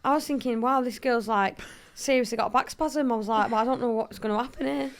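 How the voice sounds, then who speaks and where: A woman co-hosting a podcast, telling stories with animated quoted dialogue in casual chat. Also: fairly high pitch, quick pace. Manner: animated storytelling, acting out quotes. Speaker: co-host, footballer.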